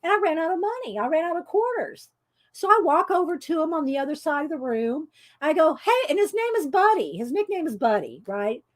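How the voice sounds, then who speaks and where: A middle-aged woman, chatting loudly and laughing often as she tells stories while coloring. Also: high-pitched, sing-song, fairly quick. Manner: chatty storyteller who laughs often and talks loud. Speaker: coloring video host. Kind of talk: casual chat while coloring.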